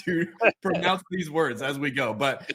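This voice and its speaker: A man's voice: fairly high pitch, expressive, a little slow, a loud crowd. A middle-aged man hosting a podcast, talking casually with many restarts and fillers. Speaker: podcast host. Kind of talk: casual interview chat.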